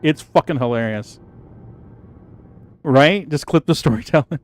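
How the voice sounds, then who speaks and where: A man casually chatting with his stream viewers, telling a story in an animated, profane way and laughing easily. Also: on the high side, a little slow, long pauses, dry recording. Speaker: gaming livestreamer.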